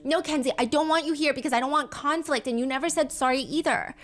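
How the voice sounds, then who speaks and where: Woman voicing a patient young man, soft and passive, higher than usual pitch. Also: fast talker, soft background music. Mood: pleading. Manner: soft, passive, even cadence.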